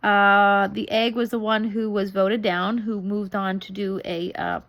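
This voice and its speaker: A woman's voice: mid-range voice, little pitch movement, a little slow, fairly bright tone. A woman in her thirties chatting casually as a vlogger reviewing a TV show, rambling with many ums and restarts. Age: 30s. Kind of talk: casual chat.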